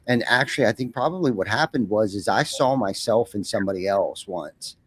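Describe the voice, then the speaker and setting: A man's voice: fairly low pitch, expressive, brisk, a bit bright, husky. A man talking as a podcast guest, rambling and often repeating words as he starts a sentence. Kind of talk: casual conversation.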